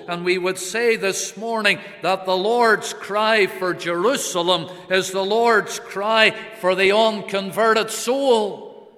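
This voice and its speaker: A male preacher giving a sermon, earnest, swelling on key words and then dropping to a hush. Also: sits high. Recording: long reverb of a large church.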